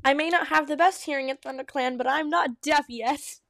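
A woman's voice: high-pitched, normal speed, no room sound, studio quality. Woman reading an indignant warrior tomcat. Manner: indignant shouting. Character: gruff male warrior cat, touchy about age.

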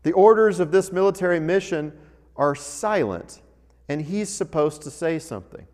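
A man preaching a sermon in a church, reading scripture and then speaking with wry, animated humor. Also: on the high side, normal speed. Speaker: pastor. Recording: long hall reverb.

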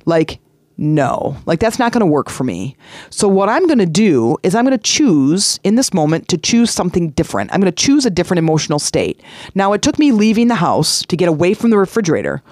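Speaking a little fast, this middle-aged woman hosting a self-help podcast has a slightly mellow voice on the low side, with big swings in pitch. She's earnest and conversational, repeating herself and falling into sing-song emphasis. The studio recording has no room sound.

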